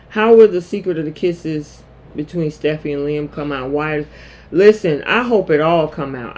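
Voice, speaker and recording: A man hosting a casual live-chat soap opera recap, talking straight to viewers in an animated way. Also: on the high side, muffled recording.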